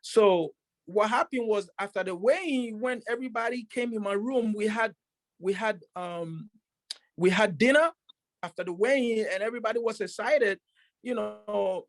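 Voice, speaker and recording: A professional boxer telling a story in a casual interview, rambling with many fillers and restarts. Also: male voice, high-pitched, moderate pace, no room sound.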